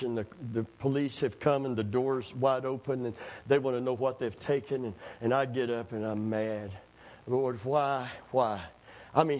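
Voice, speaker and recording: A middle-aged man, preaching as a pastor in a church, telling stories in an animated way, acting out quoted voices and laughing at his own stories. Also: medium pitch. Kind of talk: storytelling sermon.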